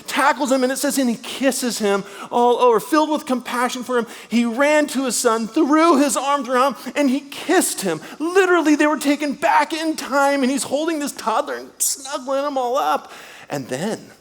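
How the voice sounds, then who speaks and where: A middle-aged man preaching a sermon as a guest speaker, animated, swinging between loud lines and hushed asides. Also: very high voice, moderate pace, long reverb tail. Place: church.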